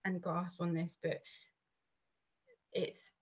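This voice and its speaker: A woman's voice: on the low side, level tone, slow pace, breathy edge, dull audio. A woman, chatting casually as a podcast guest, rambling with many restarts and fillers. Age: 30s.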